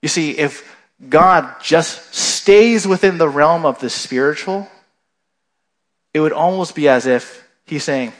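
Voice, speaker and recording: Guy preaching a sermon, kinda high voice, chatty, keeps asking the crowd right?. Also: takes it slowly. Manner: conversational, keeps checking in with the listeners. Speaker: pastor.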